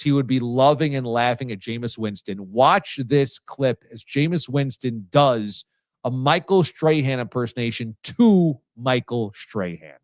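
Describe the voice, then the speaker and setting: A man's voice: mid-range voice, no echo. A man hosting a live sports talk stream in a loose, joking way, reading out viewer comments. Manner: jokey, reads viewer comments aloud. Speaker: show host.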